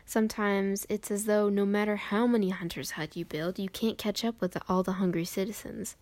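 A woman's voice: mid-range voice, fairly even intonation, normal speed, darkish tone, no echo. A woman reading her own written game guide aloud, recorded on her phone in her bedroom, with rambling, self-deprecating asides.

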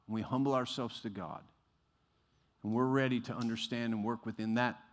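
A male pastor preaching a sermon, shifting from quiet musing to loud exhortation and acting out the voices he quotes. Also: medium pitch. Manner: acts out quoted voices, laughs at himself. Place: church sanctuary. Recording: long hall reverb.

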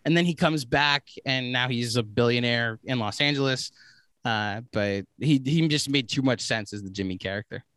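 A man chats as a podcast guest, his voice bright and forward. He talks in long, eager run-on sentences. The sound is dry and close. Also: mid-range voice, moderate pace, smooth, no room sound. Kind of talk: casual podcast chat.

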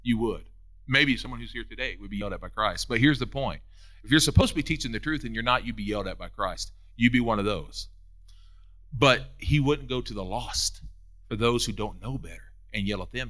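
A man preaching a sermon, repeating lines for emphasis and building to loud, high peaks. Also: expressive. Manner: preaching with rising emphatic peaks and quick repetitions.

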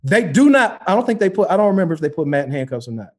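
A man recounts a run-in in loose, profane casual chat, jumping into the voices of everyone involved. His voice sits a little high for a man, and he tells it with real animation. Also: expressive, very fast, a little mellow.

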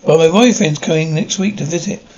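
A woman's voice: deep voice, brisk, darkish tone, husky. An actress playing an earnest young American woman who works abroad, talking politely and a little hesitantly in a scripted drama. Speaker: marketing employee abroad.

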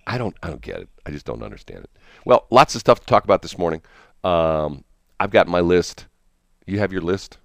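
A man's voice: sits low, sing-song, brisk, gravelly, dry recording, clean studio sound. A man hosting a casual morning radio chat, rambling and chuckling, restarting his sentences often. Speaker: radio host.

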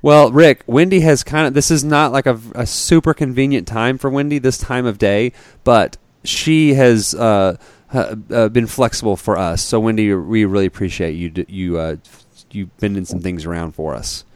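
Male podcast co-host, low voice, rambling and casual, dry close sound. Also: normal speed, clean tone, dry recording. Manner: rambling, lots of fillers and restarts. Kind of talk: casual chat.

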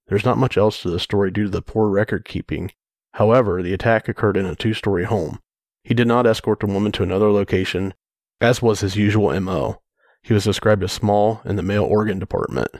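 A man's voice: lowish voice, darkish tone, no echo, clean studio sound. A man co-hosting a podcast, reading true crime case details in a matter-of-fact way with casual asides. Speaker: podcast co-host.

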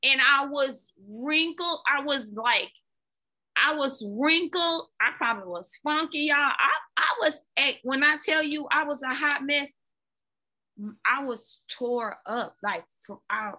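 Woman, fitness coach guest, candid storytelling, bright forceful voice, a bit high, animated. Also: measured pace. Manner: animated, repeats words, talks to listeners as "y'all".

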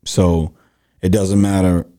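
Male podcast host, very low dark voice, thoughtful questions. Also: level tone, takes it slowly. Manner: thoughtful, storytelling with restarts. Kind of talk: casual interview chat.

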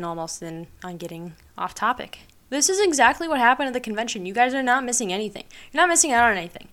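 A woman's voice: fairly high pitch, a bit bright, clear, resonant tone. A young adult woman hosting her own podcast, chatting casually in a rambling, upbeat way with many fillers. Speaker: podcast host. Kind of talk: casual solo podcast chat.

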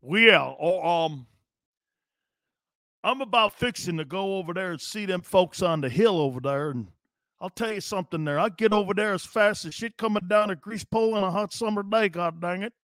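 A man's voice: high-pitched, moderate pace, a bit bright, no echo, clean studio sound. A man doing a crude drawling country man. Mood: boastful. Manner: thick exaggerated drawl.

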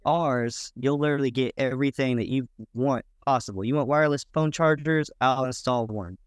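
Plainspoken man, smooth dry voice. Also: medium pitch, normal speed, dry recording. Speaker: guest, boat builder. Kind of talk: casual podcast chat.

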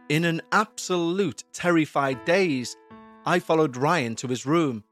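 Guy reading a creepy story, slow and steady, slightly higher voice, faint music under it. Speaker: narrator. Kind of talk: scripted horror story narration. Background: faint background music.

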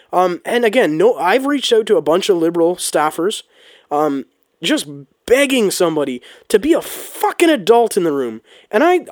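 A man's voice: high-pitched, no echo, clean studio sound. A man giving a heated, casual opinion monologue on politics, swearing often and restarting his sentences. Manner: heated, ranting, swears, frequent restarts and ums. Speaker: political commentator.

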